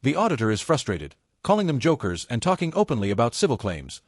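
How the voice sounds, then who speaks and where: A man's voice: mid-range voice, no room sound, clean studio sound. A man narrating a scripted recap of a street police encounter in a dramatic summary tone. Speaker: video narrator.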